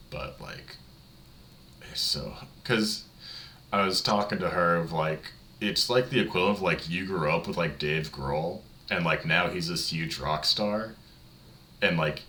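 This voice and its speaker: Very deep-voiced Southern man running a game. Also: bright, forceful tone, slight background noise. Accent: light Southern US twang. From Tennessee. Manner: rambling, laughs often, many fillers. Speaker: game master. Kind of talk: narrating a tabletop game, casual chat.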